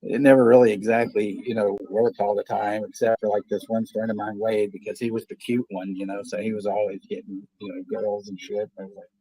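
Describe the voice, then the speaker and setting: Texan man, fifties, low voice, rambling casual chat, swears a lot. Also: level tone, a little fast, few pauses, mellow, husky, dry recording, poor audio. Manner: rambling storytelling, heavy swearing. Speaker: watch party host.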